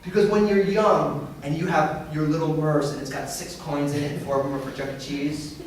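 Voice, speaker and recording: A male pastor preaching a sermon in a church auditorium, telling stories in an animated way with frequent restarts. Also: a little high, normal speed, slight background noise. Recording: echoey hall, heard from far off.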